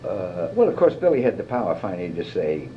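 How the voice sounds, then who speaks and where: An older man, a guest actor, telling lively stories in an interview, swearing freely and mimicking others. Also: low voice, fast talker. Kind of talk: anecdotal interview. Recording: dull lo-fi tape with faint hiss.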